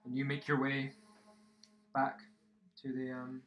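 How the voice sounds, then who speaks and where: A game master running a tabletop session, narrating casually with pauses and fillers. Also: medium pitch, monotone, highs cut off. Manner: halting, filler-heavy narration.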